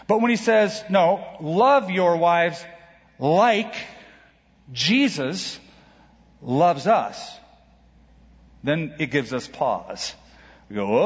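A man preaching a sermon as pastor, emphatic, with dramatic pauses and big swings in pitch. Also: lively intonation. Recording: dull reverberant hall recording.

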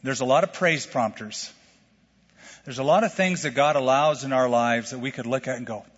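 A middle-aged male pastor preaching a sermon in a lively, conversational way, full of questions to the congregation. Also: medium pitch, moderate pace. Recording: lo-fi sermon recording with long hall reverb.

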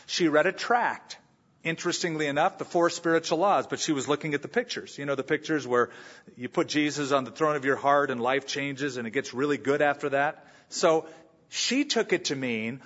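Husky pastor guy preaching in church, bit muffled recording, acts out quotes. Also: a little high, normal speed, a bit bright. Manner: storytelling, acts out quoted voices. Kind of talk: sermon. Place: church sanctuary.

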